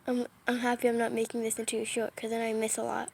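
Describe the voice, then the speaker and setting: A woman's voice: on the high side, completely flat delivery, fast, vocal fry, slightly rough. A young woman chatting casually to her camera indoors by a window, apologetic and often dropping to a whisper. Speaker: vlogger. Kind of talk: casual vlog narration. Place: indoors by a window during a storm. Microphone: phone or tablet camera.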